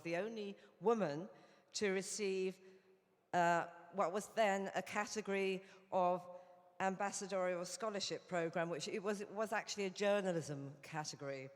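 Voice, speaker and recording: A woman's voice: medium pitch, steady tone, normal speed. A woman from England with a British accent giving a chatty, anecdotal conference speech as a Rotary International director. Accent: British English. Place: conference hall. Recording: reverberant hall.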